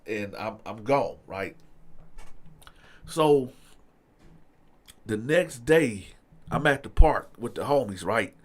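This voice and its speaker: A man spinning a casual storytime tale, his pitch swinging up and down as he gets worked up. He talks straight to his listeners and keeps the story rolling with fillers. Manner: animated, talks straight to the audience, lots of fillers. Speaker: storyteller host.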